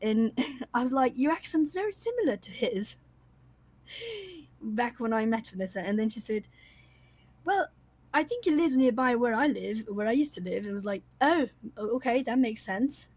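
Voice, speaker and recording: Chatty woman with a husky voice. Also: on the high side, expressive, normal speed, a little mellow, no room sound. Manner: chatty, rambling, frequent fillers and laughs. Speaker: coloring channel host. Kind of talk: casual livestream chat with viewers.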